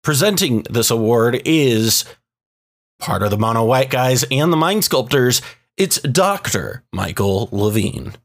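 A man hosting a card-game awards show, introducing presenters with halting, self-mocking asides. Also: mid-range voice, animated, creaky. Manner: hesitant filler-heavy asides.

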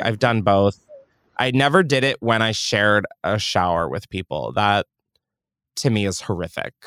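A man's voice: on the low side, no echo, studio quality. A man hosting a podcast, chatting casually with jokes and swearing. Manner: joking, profane, animated storytelling. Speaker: podcast host.

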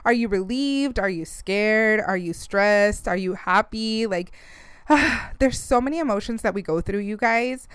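A woman's voice: mid-range voice, unhurried, clear, resonant tone, no echo. A woman in her thirties hosting a casual podcast, chatty and close to tears, slipping Spanish phrases into her talk. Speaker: podcast host. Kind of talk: casual chat.

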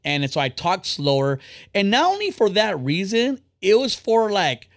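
In casual podcast chat, a male host rambles quickly in a sing-song way, blunt and freely swearing. His voice sits a bit high for a man. The audio is dry and close-miked, with no room echo.

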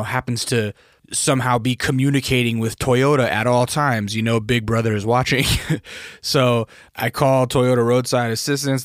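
A young man in the middle of a casual story, swearing freely as his frustration builds into sharp, loud outbursts. His voice sits in an ordinary middle range. The sound is dry and close, with no room echo. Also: mid-range voice. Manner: profane, exasperated, rising to shouted outbursts when quoting himself.

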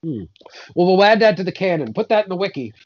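Man, podcast co-host, deadpan, sardonic, high voice, muffled lo-fi sound. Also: fast. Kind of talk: casual comedic chat.

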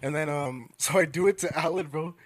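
A man's voice: on the high side, brisk, crowd noise. A young man in casual chat, telling funny stories with lots of laughter and acting out his friends' voices.

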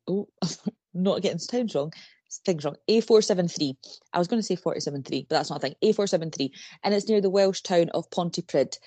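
A woman's voice: on the low side, darkish tone, no echo. A woman co-hosting a true-crime podcast, chatting casually in a rambling way and laughing often. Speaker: podcast co-host.

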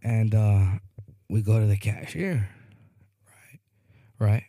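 A man rambles through a story on a casual podcast, his low, mellow voice close and dry on the mic. He keeps checking in with "you know what I mean" and acts out the people he describes. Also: slow, no room sound. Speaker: podcast co-host.

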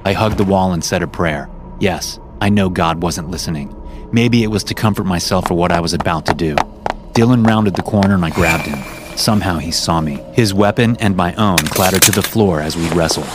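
A man's voice: brisk, heavy background noise. A man narrating a first-person horror story for a podcast, reading it as a script and lifting his voice for the quoted lines. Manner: acts out quoted lines louder and higher. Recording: music playing under the voice.

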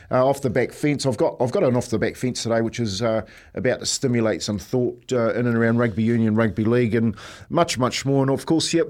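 A New Zealand man hosting breakfast radio, talking loosely and laughing through his own stories. His pitch sits in an ordinary middle range. He rambles with restarts and a friendly "mate" here and there. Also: a little mellow. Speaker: radio host. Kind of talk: casual breakfast radio chat.

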